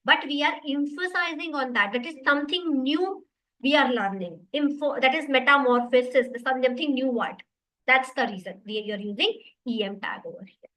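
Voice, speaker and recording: A woman's voice: high voice, moderate pace, fairly bright tone, rough recording. A woman teaching a web development class online, explaining patiently and repeating her points for the students.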